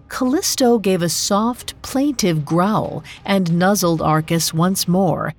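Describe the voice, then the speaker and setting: A woman narrating a myth as scripted storytelling, in a slow, measured way. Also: on the low side. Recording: dry studio with faint music.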